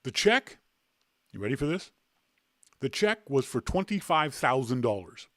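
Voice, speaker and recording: A man hosting a podcast, telling a self-deprecating anecdote in a casual, animated way. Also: mid-range voice, a little slow, dry recording, studio quality. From Canada. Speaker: podcast host. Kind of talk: casual storytelling.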